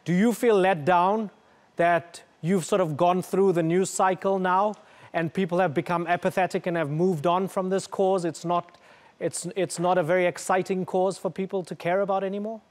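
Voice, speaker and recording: Measured male news host. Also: high voice, steady tone. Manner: measured, formal questioning. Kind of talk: studio interview.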